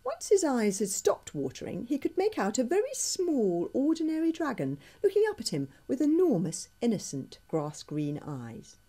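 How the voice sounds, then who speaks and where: A woman, the author, reading aloud from her children's book with expressive, dramatic storytelling. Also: fairly high pitch, moderate pace, hardly any pauses.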